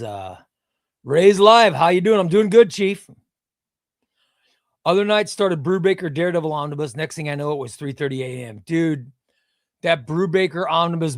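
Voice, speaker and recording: A man's voice: a little high, dry recording, clean studio sound. A man hosting a casual comics livestream, rambling, repeating words and answering chat. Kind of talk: casual live-stream chat. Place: home room with comic shelves.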